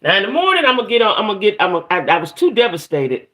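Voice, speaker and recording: A woman's voice: medium pitch, sing-song, racing, a bit bright. Aggravated woman venting on a livestream. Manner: profane, venting, greets chat viewers by name. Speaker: livestream host. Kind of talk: casual livestream rant.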